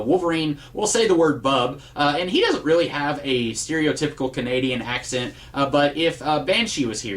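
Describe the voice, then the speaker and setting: A man's voice: medium pitch, fairly bright tone. A man from Tennessee reviewing a cartoon episode in a casual, rambling way, full of "uh" fillers.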